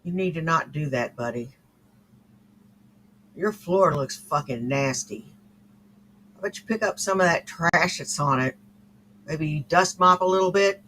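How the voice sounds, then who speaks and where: A man mocks and needles someone in a profane, casual way. His voice sits fairly high. A faint room ambience hums behind him. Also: a little slow, long pauses, bright, forceful tone, slight background noise, rough recording. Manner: mocking, profane. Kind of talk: casual teasing.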